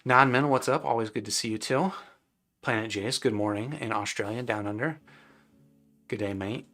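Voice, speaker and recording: A man's voice: medium pitch, fairly quick, sharp tone, faint music behind. A man hosting a live stream, casually answering viewers' chat questions with loose, rambling talk full of fillers and restarts.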